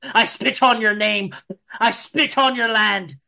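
A man's voice: high-pitched, slow, gravelly, sharp tone, full character voice. A man voicing a zealous preacher who condemns a woman with archaic, fire-and-brimstone preaching. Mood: thundering, condemning.

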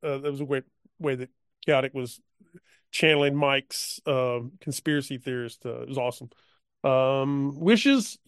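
A man in a casual chat about a game session, talking haltingly with many fillers. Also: mid-range voice, clear, resonant tone, dry recording, studio quality. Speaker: player.

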